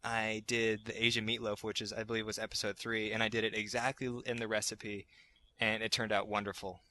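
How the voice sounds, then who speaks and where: Bright-voiced man hosting a casual podcast. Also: fairly low pitch, flat delivery, brisk, slight background noise. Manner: rambling, restarts sentences often. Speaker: podcast host.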